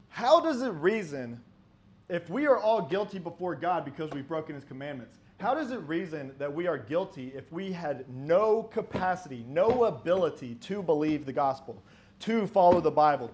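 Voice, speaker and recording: A man's voice: a little high, darkish tone. A man preaching a sermon, arguing emphatically with rhetorical questions and reading old-style scripture aloud.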